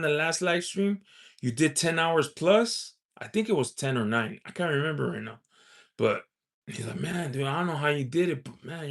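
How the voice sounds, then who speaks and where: Guy with a gravelly voice chatting away on his live stream, rambling, laughing, reading chat out loud. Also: medium pitch. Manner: rambling, full of "you know" and "um"; reads out viewer chat and answers it.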